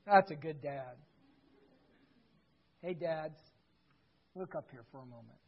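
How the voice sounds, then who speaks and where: A male preacher delivers an exhorting sermon, pressing his listeners with rhetorical questions. His voice is husky, and the recording is dull and lo-fi. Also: a little high, slow.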